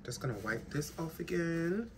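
A woman's voice: sits low, lively intonation, moderate pace. Worn-out trans woman vlogging frankly. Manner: frank, profane, rambling. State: worn out after crying. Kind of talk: casual vlog chat to camera. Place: home in a big city. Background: faint city noise.

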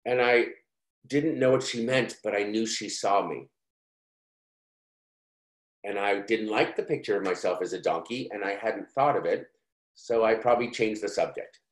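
A man's voice: on the low side, normal speed, pauses often. Candid man telling his story, roomy echo. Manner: conversational, candid, frequent fillers. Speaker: course speaker. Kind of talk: personal storytelling talk.

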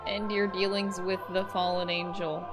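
A young adult woman giving casual, excitable, sweary gameplay commentary as a streamer. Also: mid-range voice, normal speed, over music. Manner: excitable and sweary, laughing often and switching between voices. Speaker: gaming streamer.

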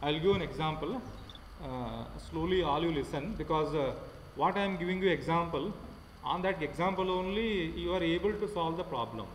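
A man with an Indian English accent teaches an online class. He talks haltingly, fills pauses with many fillers and repeats his points. His fairly high voice rings in an echoey room with a long tail. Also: animated, a little hiss or hum. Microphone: computer mic without headphone.

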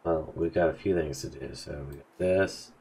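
A man with a notably deep, low voice talks through a video game at an easy pace. He comments casually as he plays and reads the on-screen messages aloud. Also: normal speed, creaky, a little mellow. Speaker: gaming channel host.

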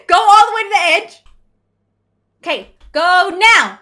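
Excitable high-voiced woman gaming. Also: slow, pauses often. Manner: excitable, shrieks and bossy calls. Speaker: gaming co-host. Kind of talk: casual game commentary.

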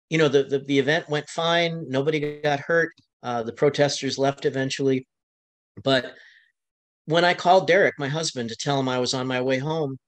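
American man, panel guest, retells with lively pitch swings and restarts. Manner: animated retelling, voice rising when quoting others, frequent restarts. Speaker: panel guest, county LGBTQ commissioner. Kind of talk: conversational storytelling on a webinar.

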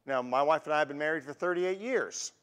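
Sixties male guest preacher, slightly high voice, anecdotal conversational sermon, long church reverb. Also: fairly quick. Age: 60s. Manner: warm storytelling with personal anecdotes. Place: church sanctuary.

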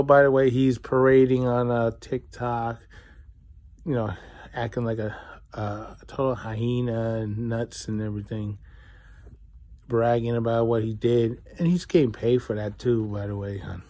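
A man's voice: medium pitch, steady tone, measured pace, pauses often, darkish tone, dry recording. A man vlogging an indignant, rambling, sarcastic rant straight to the viewer. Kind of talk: ranting to camera.

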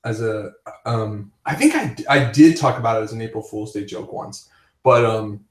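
A man's voice: on the low side, moderate pace. A man hosting a casual chat, telling rambling stories with frequent laughs. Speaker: podcast host. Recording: roomy, distant from the mic.

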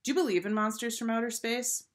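A woman's voice: fairly high pitch, fast talker, voice pushed up, natural voice. A woman voicing a stubborn, sulky schoolboy. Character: troubled defiant fifth-grade boy, stubborn.

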